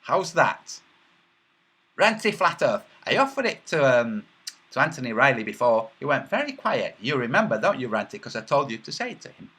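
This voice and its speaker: A man's voice: medium pitch, sing-song, moderate pace, sharp tone, breathy edge. A man hosting a casual livestream, reading chat messages aloud in a rambling, mocking way with many filler sounds.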